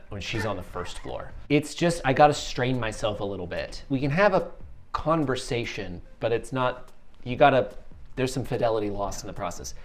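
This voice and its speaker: A man hosting a casual wine tasting, joking and bantering with a friend. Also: medium pitch. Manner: jokey, animated, playful banter. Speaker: wine reviewer host.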